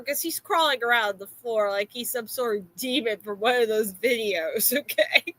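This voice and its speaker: A woman with a Florida accent telling a story in a casual, exasperated way, filling pauses with "uh". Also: on the high side, poor audio. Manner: animated, exasperated, many "uh" fillers.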